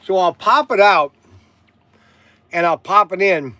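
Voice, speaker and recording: High, bright-voiced older man rambling. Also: measured pace, no echo. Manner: rambling, self-interrupting, chuckling. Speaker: shop owner and show host. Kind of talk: rambling live chat. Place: shop.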